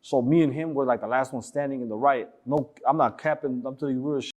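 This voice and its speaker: A man telling stories in a relaxed interview at a mid pitch. His talk is slangy and profane. He rambles along with plenty of fillers. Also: fast. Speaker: interview guest. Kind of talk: casual storytelling.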